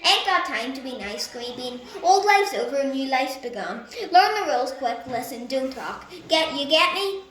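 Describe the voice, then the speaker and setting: A woman voicing a gruff, impatient teenage boy who leads a group of boys, speaking in rough slang and barking orders. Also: high voice, very animated, normal speed, hardly any pauses, a bit bright, echoey room, far from the mic. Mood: stern.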